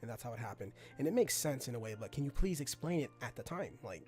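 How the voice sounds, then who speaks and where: A man hosting a casual podcast chat, talking in an animated, slangy way and letting his phrases trail off low. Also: quick pace, soft background music. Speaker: podcast host.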